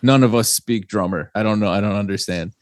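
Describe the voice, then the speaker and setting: A man's voice: fairly low pitch, brisk, dry recording, clean studio sound. A young man from New Jersey, a guest, chatting casually on a podcast in a laid-back, rambling way and swearing freely. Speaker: guest, band singer.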